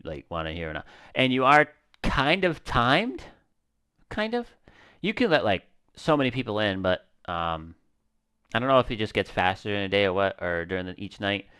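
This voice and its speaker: A male streamer riffs through a horror game in loose, slangy commentary with the odd swear. His voice is smooth and resonant, and his pitch swings freely as he reacts and chats to viewers. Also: animated, normal speed, fairly bright tone. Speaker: gaming streamer. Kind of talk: casual gaming commentary.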